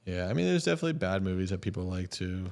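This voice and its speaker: Deep, gravelly laid-back man. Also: big pitch swings, very fast, a little mellow. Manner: short agreeing replies, laid-back. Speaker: podcast co-host. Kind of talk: casual chat.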